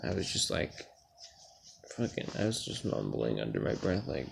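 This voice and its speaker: Young man, low and gravelly, tired rambling dream story with swearing. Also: huge pitch swings, normal speed, darkish tone, slight background noise. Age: young adult. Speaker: vlogger. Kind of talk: casual dream retelling.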